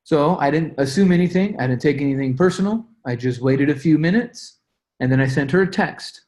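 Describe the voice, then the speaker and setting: A man's voice: on the high side, animated, brisk, a little mellow. A young man leading a sales team call, coaching with energy and acting out his own calls and texts. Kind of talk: motivational sales coaching talk.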